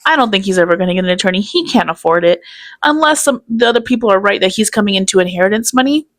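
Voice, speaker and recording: A woman's voice: medium pitch, expressive, quick pace. A woman hosting a casual reaction commentary, chatty and sarcastic, often breaking into laughter. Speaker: commentary channel host.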